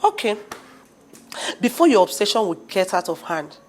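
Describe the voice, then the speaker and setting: A woman's voice: medium pitch, big pitch swings, normal speed, soft background music, close to an everyday voice. A woman playing a scolding, incredulous friend. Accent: Nigerian.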